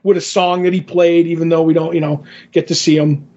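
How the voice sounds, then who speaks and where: A man's voice: a little high, little pitch movement, fairly quick, darkish tone. A man co-hosting a podcast, casually retelling a comic's story in a rambling way full of fillers and quoted dialogue. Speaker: podcast co-host. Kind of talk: casual comic book recap chat. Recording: dull lo-fi podcast audio.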